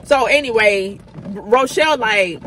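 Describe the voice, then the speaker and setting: A woman's voice: a little high, unhurried, fairly bright tone, slight background noise. A woman in her thirties telling a candid, profane storytime in casual slang. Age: 30s. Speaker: vlogger. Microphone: phone camera.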